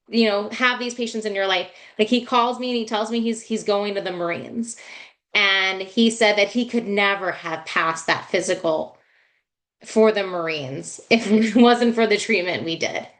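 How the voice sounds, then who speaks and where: A woman dentist speaks over a video call in an earnest, heartfelt way. Her talk runs on and restarts as she gets emotional, at an ordinary pitch. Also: a bit bright.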